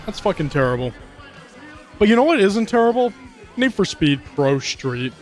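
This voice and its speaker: A man with a somewhat high voice rants and rambles while commenting on a racing game, swearing freely and jumping from topic to topic. Faint game music plays under his talk. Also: moderate pace. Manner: profane, rambling, animated rants. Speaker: gaming commentator. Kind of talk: gameplay commentary, ranting. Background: game music and car engines.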